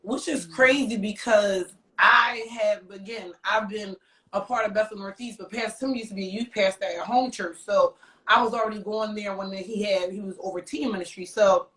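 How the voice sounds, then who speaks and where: Echoey animated Philly woman storyteller. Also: mid-range voice, moderate pace, distant mic. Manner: animated, acts out quoted dialogue. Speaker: guest. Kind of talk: casual storytelling chat. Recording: echoey room, voice from off-mic.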